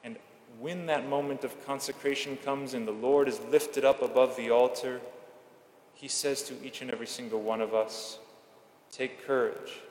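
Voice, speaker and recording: A Catholic priest gives a homily at Mass, speaking in a measured, earnest way and slowing down to stress key points. His ordinary-pitched voice is a little mellow with fairly even intonation. It echoes through a large church with long reverb and a faint room hum.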